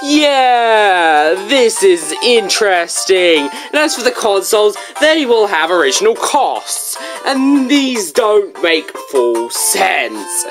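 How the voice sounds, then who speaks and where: A video reviewer talking casually through a book, in a rambling, joking manner with big swings in pitch. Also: big pitch swings, slow, over music.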